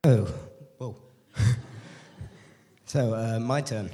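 A young man in his late teens talks through a head cold, sharing a personal testimony with a church group. He is hesitant and self-deprecating, with a middle-pitched voice and lots of fillers. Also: very slow, dark tone, breathy edge, in a large hall. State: has a cold. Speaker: speaker giving a testimony.

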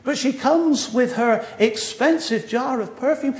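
Older guy preaching, pretty high voice, earnest but jokey, echo-y church. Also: a little slow. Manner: earnest, wry asides with laughs. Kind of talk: sermon. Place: church hall. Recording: echoey hall.

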